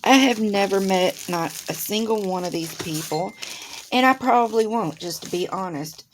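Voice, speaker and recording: A woman speaks at a moderate pace in a mid-range voice, with slight hiss or hum. Running a craft channel, she opens crafts at her home desk near a window, casually talking to her audience and gushing excitedly.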